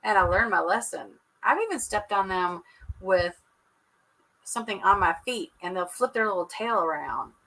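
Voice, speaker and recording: Bright-voiced chatty woman livestreaming. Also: medium pitch, lively intonation, moderate pace, low-quality recording. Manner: chatty, laughs often, Southern "y'all". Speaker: livestream host. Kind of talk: casual livestream chat with viewers. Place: at home indoors. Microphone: computer webcam mic.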